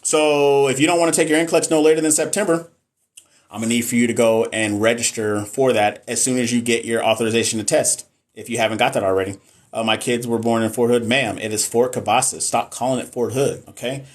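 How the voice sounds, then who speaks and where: A man's voice: mid-range voice, fairly even intonation, brisk. A man from Texas, chatting casually and jokingly on a live stream as a nurse educator, reading and answering viewer comments.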